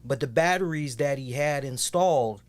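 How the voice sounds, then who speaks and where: A man co-hosting a podcast who tells stories in a casual, animated way and swears constantly. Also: mid-range voice, normal speed. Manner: heavy swearing, animated storytelling. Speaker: podcast co-host. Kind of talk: casual chat.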